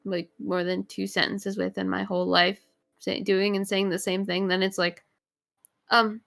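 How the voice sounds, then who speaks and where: A woman's voice: medium pitch, little pitch movement, normal speed, creaky, fairly bright tone, soft background music. A young woman, a VTuber guest, chatting casually and rambling with frequent laughs. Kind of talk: casual chat.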